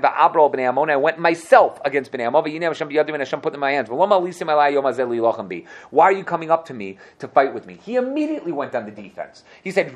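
A man teaching a Bible class, translating verse by verse and acting out the characters' lines with lively, self-correcting asides. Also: a little high. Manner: translates verse by verse, acts out quotes animatedly. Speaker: Torah teacher.

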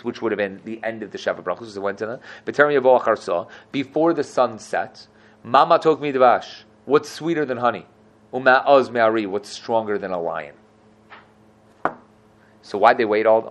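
A man teaching a lively Torah class, acting out quotes and asking "right?" often. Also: on the low side. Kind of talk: animated classroom Torah lesson.

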